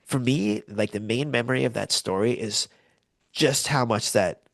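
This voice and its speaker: A middle-aged man spins a long story in relaxed podcast chat. His voice sits at a middle pitch and is recorded close and dry. He jumps into animated impressions of the people in his tale. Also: normal speed, gravelly, no echo. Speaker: podcast co-host.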